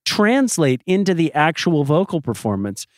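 A man's voice: fairly high pitch, big pitch swings, moderate pace, dry recording, clean studio sound. A man co-hosting a podcast in casual chat, opinionated and sarcastic. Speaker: podcast co-host.

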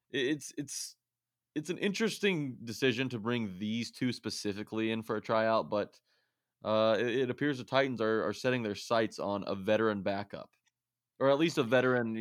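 Lower-voiced analytical podcast co-host man. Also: no echo, clean studio sound. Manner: analytical, stats-driven, with repeated restarts. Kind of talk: casual sports podcast chat.

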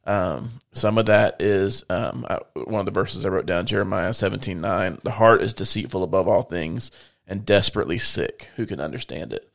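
A man's voice: deep voice, moderate pace, vocal fry. A man co-hosting a faith-based podcast, talking in a reflective, casual way and explaining with everyday analogies. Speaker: podcast co-host.

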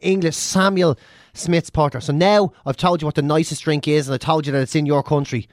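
An Irish man co-hosting a podcast in casual chat, swearing freely and launching into animated rants. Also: on the high side, a little fast, no echo, clean studio sound. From Ireland. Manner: swears constantly, animated rants with mimicked drum sounds. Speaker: podcast co-host.

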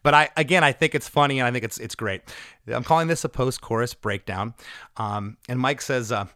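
A man's voice: mid-range voice, fairly quick, pushed and bright, no echo. Enthusiastic man chatting close and dry. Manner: enthusiastic, quotes lyrics with playful voices. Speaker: podcast host. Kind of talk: casual music chat, breaking down a song.

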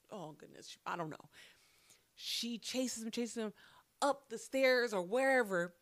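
Animated, profane young woman telling a story. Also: a little high, no echo. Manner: animated, profane, acts out quotes. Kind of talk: casual storytelling.

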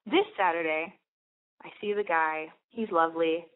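A woman's voice: on the low side, normal speed. A young woman hosting a podcast, rambling through a candid personal story with lots of "like" and fillers. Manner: rambling, confessional, heavy use of "like". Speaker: podcast host. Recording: phone-like narrow band.

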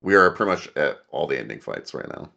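Casting: podcast co-host, male, 30s, very low gravelly voice, rambling chatty delivery. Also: sing-song, fast talker, bright, forceful tone, highs cut off. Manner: rambling, laughs often, acts out quotes. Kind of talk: casual chat.

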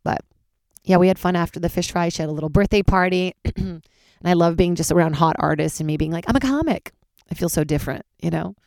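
A woman in her thirties, a comedian, chatting alone from her closet, candid and swearing, sounding tired and jumping into high squeaky voices for her own reactions. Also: little pitch movement, quick pace, creaky, darkish tone, dry recording, clean studio sound. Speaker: comedian podcast host. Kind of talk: casual solo chat.

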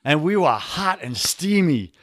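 A man's voice: on the high side, sing-song, measured pace, slight background noise. A man with a New York accent, a guest on a podcast interview, coaching listeners in an emphatic, preachy way and calling them brother.

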